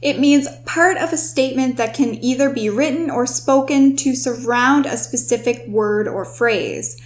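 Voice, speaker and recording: In a fairly high voice, a young woman acting as host and writing tutor leads a scripted vocabulary lesson. She gives clear, instructive explanations of every word, and her pace slows to highlight the key terms.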